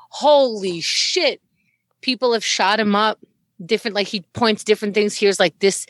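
A woman's voice: mid-range voice, moderate pace, a bit bright, dry recording, clean studio sound. A woman co-hosting a podcast in casual chat, retelling things in a chatty way with casual swearing. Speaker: podcast co-host.

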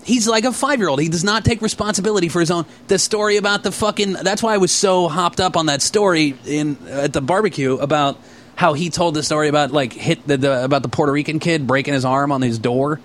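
A man in casual chat, telling stories with lots of swearing and mimicking a friend in a higher voice. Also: a little fast.

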